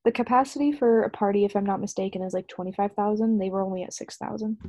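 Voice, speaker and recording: A woman's voice: mid-range voice, steady tone, fast talker, warm tone, no room sound. A woman co-hosting a casual podcast over a video call, chatty and scattered, often laughing. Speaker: podcast co-host.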